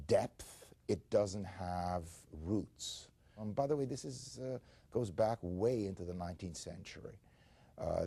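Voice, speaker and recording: A man with a low, husky voice talks at length in a measured way, pausing on fillers. His tone is dark, and the sound is dry and close. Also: no room sound. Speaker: author interviewed. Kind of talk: explanatory talk.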